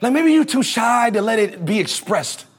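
A man's voice: extremely high pitch, very animated, moderate pace, breathy edge. A male preacher giving a conversational, slangy sermon, leading the congregation in call-and-response.

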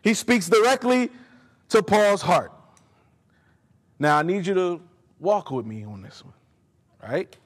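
A man's voice: sits high, expressive, takes it slowly, long pauses. Emphatic male preacher in a reverberant hall. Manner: emphatic, addresses the congregation directly. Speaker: pastor. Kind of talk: sermon.

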